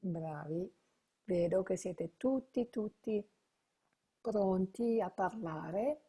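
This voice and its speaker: A woman's voice: medium pitch, mellow, breathy edge. A woman teaching an online language lesson, patiently explaining and drilling verb forms aloud. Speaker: Italian teacher.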